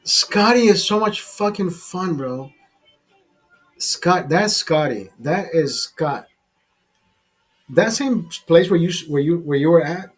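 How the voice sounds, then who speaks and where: Husky man telling a rambling bar story. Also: fairly high pitch, animated, slow pace, pauses often, soft background music. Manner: profane, rambling anecdote with many restarts. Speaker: host. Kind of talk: casual storytelling.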